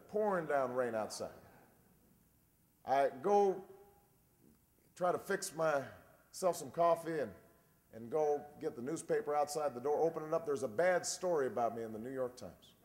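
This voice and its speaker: A man in his forties giving a campaign speech, telling a dry, wry story and then building to a shouted rallying close. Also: on the high side. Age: 40s. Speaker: presidential candidate. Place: large convention hall. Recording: long reverb of a big convention hall.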